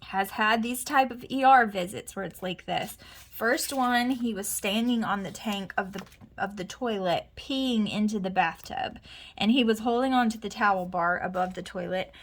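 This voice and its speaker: Unhurried and mid-range, a woman's voice carries a casual chat as she plans at home. She's a planner vlogger whose rambling story is peppered with asides and things she mutters to herself.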